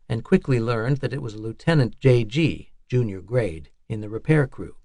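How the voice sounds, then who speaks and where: A man reading a nonfiction audiobook in a measured, even narration style. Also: medium pitch, dry recording, clean studio sound.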